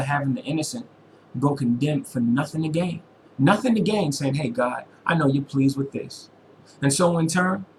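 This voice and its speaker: A man's voice: medium pitch, a little hiss or hum, low-quality recording. A man speaking to his followers in an impassioned, preachy monologue. He quotes scripture, talks in slang, and repeats lines for emphasis. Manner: informal slangy speech. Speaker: religious vlogger.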